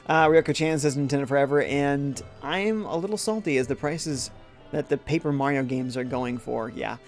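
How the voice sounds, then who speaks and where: Male game streamer, casual and chatty, slightly high voice, gravelly edges, faint music underneath. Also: normal speed. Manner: upbeat, reads chat comments aloud and jokes. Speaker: streamer playing a retro game. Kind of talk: casual live-stream chat.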